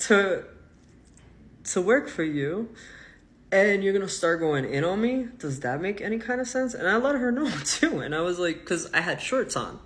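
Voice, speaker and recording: A man telling a personal story in a casual, indignant rant, swinging between loud outbursts and muttered asides. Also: sits high, very animated, measured pace. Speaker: vlogger.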